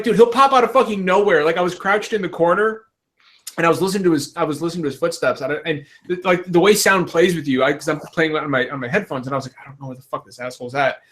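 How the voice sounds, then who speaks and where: A man hosting a casual gaming podcast, telling stories excitedly and swearing freely. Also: on the high side. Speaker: podcast host.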